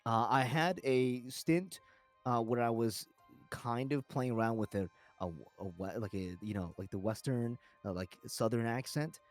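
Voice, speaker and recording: A man's voice: mid-range voice, moderate pace, faint music behind. A young man on a stream, rambling as he explains his choices for his tabletop game character, with lots of "like" and restarts. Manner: rambling, many fillers and restarts. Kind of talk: casual group chat.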